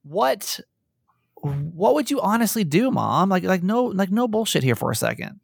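Lively man with a gravelly voice. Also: high-pitched, moderate pace, no room sound, clean studio sound. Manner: candid, animated, talks in bursts with restarts. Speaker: podcast co-host. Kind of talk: casual conversational podcast.

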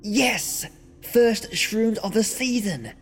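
A man voicing a carefree, playful young woman who talks in a high, insistent, girlish way. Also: animated, moderate pace, a little mellow, faint music behind, lightly acted. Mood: excited.

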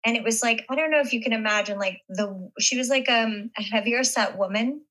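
A woman being interviewed, telling a personal story in a halting way with many fillers and restarts. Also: fairly high pitch, fairly bright tone, low-quality recording. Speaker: interview guest. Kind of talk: casual interview chat.

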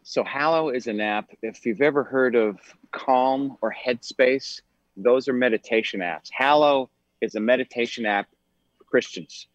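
A man's voice: mid-range voice, a little slow, no echo. A man, an actor guest on an interview show, who talks thoughtfully and hesitantly, with many fillers. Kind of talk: conversational interview. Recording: slightly dull lo-fi sound.

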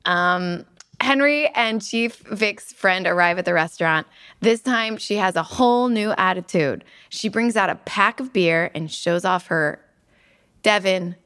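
A woman's voice: mid-range voice, a bit bright, no echo, studio quality. A woman co-hosting a podcast, chatting casually and giggling as she recaps episodes. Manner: giggly, recaps plot briskly. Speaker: podcast co-host. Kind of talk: casual rewatch podcast chat.

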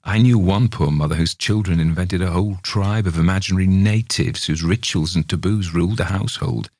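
A man reading plays a brisk, kindly family doctor in a ghost story, deep and calm. The voice is low, gravelly and husky. The sound is dry. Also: dry recording. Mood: amused.

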